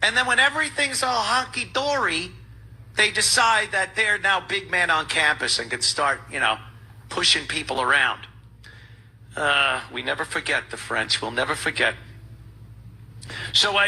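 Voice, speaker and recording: A man's voice: on the high side, lively intonation, moderate pace, pushed and bright, breathy edge, poor audio. A man hosting a talk show, delivering a sarcastic, ranting monologue full of mocking asides.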